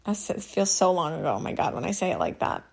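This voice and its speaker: A woman in her thirties hosting a solo business podcast, chatty and candid, her voice a little hoarse from allergies. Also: lowish voice, big pitch swings, quick pace, a little mellow. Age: 30s. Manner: candid, chatty, many likes and ums. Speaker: podcast host.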